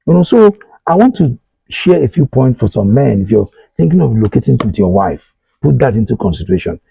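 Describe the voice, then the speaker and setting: A middle-aged man with a Nigerian accent talks earnestly to his listeners, circling back to the same questions. His voice is deeply gravelly and very dark, with a husky edge. The sound is dull and lo-fi. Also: sing-song, a little fast, no echo. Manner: earnest, repetitive, addresses listeners directly. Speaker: host. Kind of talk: advice monologue.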